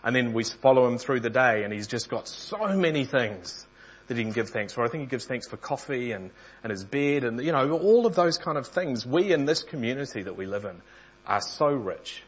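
A man's voice: mid-range voice, lively intonation, moderate pace, slightly rough, highs cut off. A man preaching a sermon in an earnest storytelling manner, sometimes restarting phrases.

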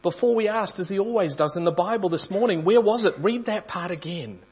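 A man voicing a serene, devout young woman who encourages calmly and insistently, as he reads a story aloud in a sermon. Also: lowish voice, normal speed, husky, highs cut off, voice pushed up. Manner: calm, warmly insistent encouragement.

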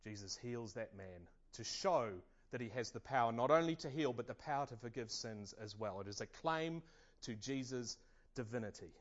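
A man preaching a sermon at a church service, earnest and measured. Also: mid-range voice, animated, dull audio.

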